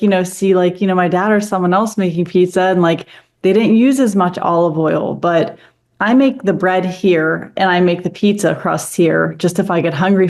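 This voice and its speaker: A woman's voice: lowish voice, a little mellow. A woman guest in a casual interview, talking in an easygoing, chatty way.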